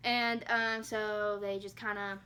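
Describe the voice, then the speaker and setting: A woman's voice: medium pitch, slow pace. A young woman casually telling the story of giving birth, candid and chatty, swearing freely and acting out her own reactions. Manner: animated, acts out her own quoted reactions.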